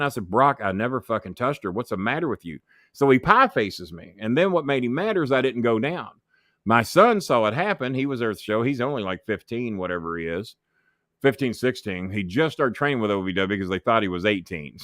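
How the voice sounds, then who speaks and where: A man's voice: medium pitch, a bit bright, no echo, studio quality. A man, a former wrestling manager, tells backstage stories as an interview guest, swearing freely and acting out the voices of people he quotes. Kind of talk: profane anecdotal storytelling.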